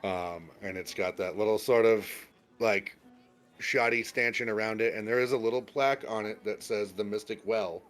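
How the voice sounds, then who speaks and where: A man serves as game master for a tabletop role-playing game, his narration rambling and riddled with fillers and restarts. His voice is fairly low and a bit bright, at a moderate pace.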